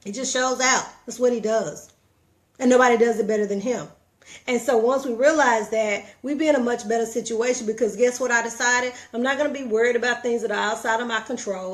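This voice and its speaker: A middle-aged woman giving a folksy, preachy motivational talk with animated storytelling. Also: fairly high pitch, fairly quick. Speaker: motivational vlogger.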